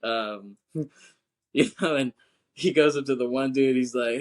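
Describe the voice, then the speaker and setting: Guy on a movie podcast rambling through a scene recap, mid-pitch voice, lots of like and you know, keeps laughing. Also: expressive, unhurried, long pauses. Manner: rambling, laughs a lot, acts out quotes in raised voices. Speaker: podcast co-host. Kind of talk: casual movie recap chat.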